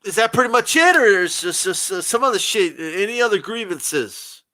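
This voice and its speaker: A man's voice: high voice, animated, moderate pace, sharp tone, no echo. A man hosting a boxing channel, ranting sarcastically with profanity and frequent laughs. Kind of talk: sarcastic commentary rant.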